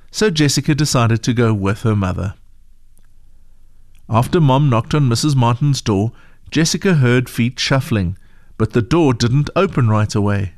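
A man's voice: mid-range voice, animated, moderate pace, darkish tone, no room sound. A man narrating a Christian devotional story in an earnest storytelling manner. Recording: dry close mic with faint music.

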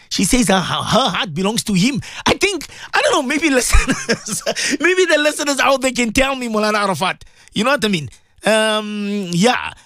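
A man, hosting a radio talk show and retelling a story in an animated, repetitive way. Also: very high voice, dry recording, clean studio sound. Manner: animated storyteller, repeats words and restarts.

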